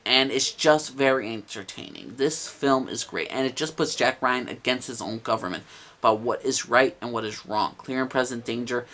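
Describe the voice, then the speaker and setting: A man's voice: mid-range voice, normal speed, pushed and bright. A man giving a casual movie review, enthusiastic and rambling, with lots of "uh" and "like". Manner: enthusiastic, rambling with many fillers.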